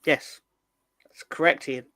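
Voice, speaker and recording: A man hosting a casual live chat, reading out viewer comments in a playful, rambling, excitable way. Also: slow pace, no echo. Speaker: host.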